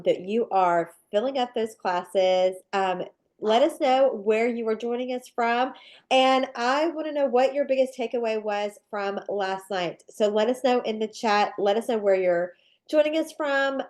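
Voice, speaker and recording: Hosting a live online cookie-decorating workshop, a woman rambles in an upbeat, chatty way, her voice nasal and stuffed-up from a sinus infection. It sits a little high and sounds a little mellow, and she takes her time.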